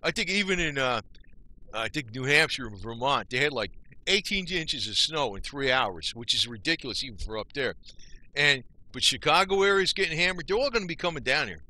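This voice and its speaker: An older Northeast New Jersey vlogger speaks briskly and expressively in a bright, forceful, mid-range voice. His loose rant to the camera rambles along in a folksy way, with mild swearing and plenty of "you know?"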